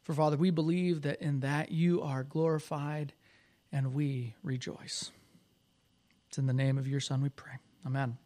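A man preaching a sermon as pastor, praying and telling a story in an animated, expressive way. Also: on the high side, unhurried.

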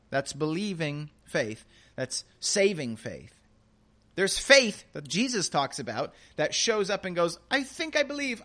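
Animated conversational preacher, man. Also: on the high side. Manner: animated, conversational preaching with frequent rhetorical "right?"; repeats key phrases for emphasis. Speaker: pastor. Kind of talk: expository sermon.

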